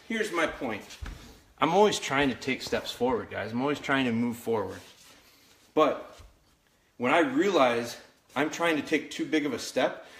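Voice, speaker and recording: A man's voice: a little high, fairly bright tone. A man working as a dog trainer, talking candidly to viewers during a live training demonstration in his home kitchen. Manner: candid, coaching viewers directly. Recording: echoey kitchen, faint noise.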